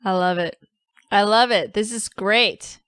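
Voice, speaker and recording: Woman host, smooth voice, slow encouraging talk, dry sound. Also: mid-range voice, fairly bright tone, no echo. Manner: encouraging, short reactions. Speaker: show host. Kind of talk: interview.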